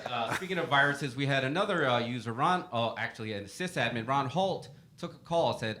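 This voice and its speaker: Upbeat male webcast host, lively pitch, bright tone, playful storyteller. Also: fairly quick. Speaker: webcast segment host reading help desk stories. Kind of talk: casual storytelling to a panel.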